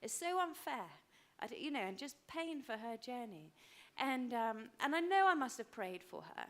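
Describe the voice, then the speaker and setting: A woman in her fifties preaching a sermon, emphatic and repeating phrases for weight, dropping to a hush for personal stories. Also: on the high side, sing-song, normal speed. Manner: drops to a hushed voice for personal stories. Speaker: pastor.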